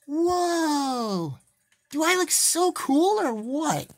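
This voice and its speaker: A woman voicing an excitable cartoon girl hedgehog toy in a fan toy play, gushing and gasping with delight. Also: sits high, drawn-out words, exaggerated voice. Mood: excited.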